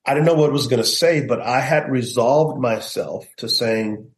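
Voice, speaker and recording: A man's voice: mid-range voice, moderate pace. Earnest man telling his story, roomy sound. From United States. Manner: earnest storytelling, acts out quoted voices. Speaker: pastor, guest. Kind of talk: personal testimony in an interview.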